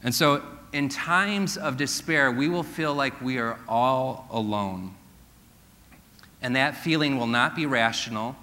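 A male pastor giving an earnest sermon in a church and slowing to a hush for key points. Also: mid-range voice. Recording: long hall reverb.

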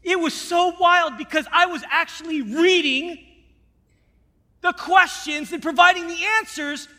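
A man preaching a sermon and telling a personal story, moving between hushed storytelling and fervent, raised preaching. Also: very high voice, measured pace, in a large hall. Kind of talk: sermon testimony.

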